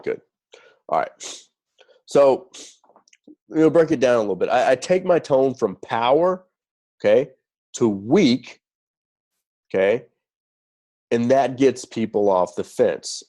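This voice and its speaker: A man's voice: lowish voice, dark tone. A man teaching a recruiting lesson who keeps checking in with "okay?" and repeats key phrases for emphasis. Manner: checks in constantly with "okay?" and "right?". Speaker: sales recruiting trainer. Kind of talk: recorded training lesson.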